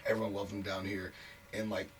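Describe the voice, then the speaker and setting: Fast-talking, profane man. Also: low-pitched, level tone, distant mic. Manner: frank and profane, heavy on "like" fillers. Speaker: wrestler guest. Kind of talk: casual storytelling interview. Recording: voice a bit off mic, faint noise.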